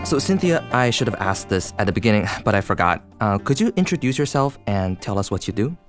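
A man's voice: lowish voice, sing-song, brisk, over music. A man co-hosting a podcast, narrating and asking questions with nerdy enthusiasm. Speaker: podcast co-host.

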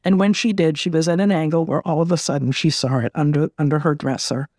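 Gentle reflective middle-aged woman, dry sound. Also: sits low, fairly even intonation, fast, no room sound. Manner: gentle, reflective, repeats words as she gathers thoughts. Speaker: interview guest. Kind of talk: heartfelt personal storytelling.

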